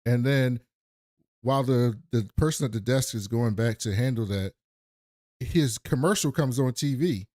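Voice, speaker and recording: A man's voice: medium pitch, moderate pace, a little mellow, dry recording, studio quality. A man co-hosting a podcast, retelling a TV episode in casual chat and slipping into quoted voices. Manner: retells scenes with quoted voices, trailing and restarting. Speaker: podcast co-host.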